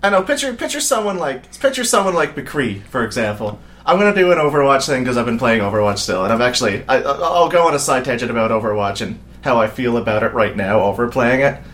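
A man co-hosting a loose podcast conversation, his voice sitting at an everyday middle pitch. He rambles through his thoughts with plenty of swearing and laughter, sounding mentally worn out. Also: expressive, fast, a bit bright. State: mentally exhausted. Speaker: podcast co-host. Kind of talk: casual podcast chat.

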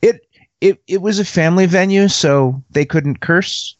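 A man's voice: high-pitched, a little slow, no room sound, highs cut off. A man co-hosting a casual podcast, telling a story in a rambling way and laughing often. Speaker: podcast co-host.

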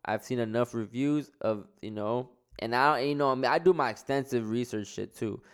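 Stoned guy hosting his own podcast, cussing a lot, rambly, smooth clear voice. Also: mid-range voice, moderate pace. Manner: rambling, profane, slangy. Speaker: podcast host. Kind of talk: casual solo podcast monologue.

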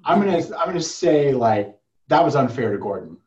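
A man's voice: medium pitch, animated, fairly quick, darkish tone, roomy sound, highs cut off. A man co-hosting a casual film review podcast, chatty and mocking film lines by acting them out.

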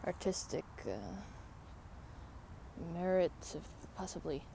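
A woman around thirty talks slowly and loosely into a phone while walking outdoors in a park. Her voice is mellow and relaxed, her asides are wry and self-mocking, and faint outdoor noise sits behind her. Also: lowish voice, creaky. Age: 30s. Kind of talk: casual vlog while walking a dog.

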